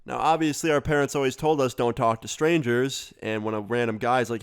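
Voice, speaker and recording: A man telling a storytime vlog story in a casual, profane, animated way. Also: mid-range voice, brisk, smooth. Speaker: storyteller vlogger.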